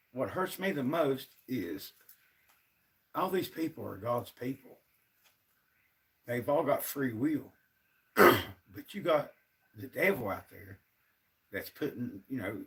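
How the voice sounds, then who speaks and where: A man's voice: medium pitch, distant mic. A man, ranting to his viewers on a casual livestream, sounding frustrated and fed up. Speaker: livestream host.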